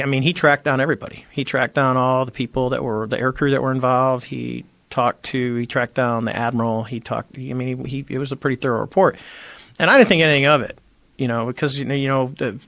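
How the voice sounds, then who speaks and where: Recorded with no echo, a middle-aged ex-Navy squadron commander with a medium-pitched voice tells a story casually and with animation, acting out each quoted line.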